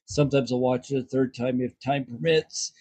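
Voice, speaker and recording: A man hosting a casual podcast chat, talking in halting bursts with frequent restarts and the odd curse. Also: mid-range voice, fairly even intonation, warm tone, slightly rough, no room sound. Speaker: podcast host.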